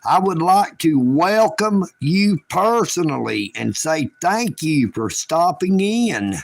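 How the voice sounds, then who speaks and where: A man hosting a casual livestream, talking in a folksy, joking way. His voice is a little high and full of gravelly fry, and he takes his time over every word. The sound is dry and close. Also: sing-song, slow, dry recording. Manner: folksy, rambling, joking drawl. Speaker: livestream host.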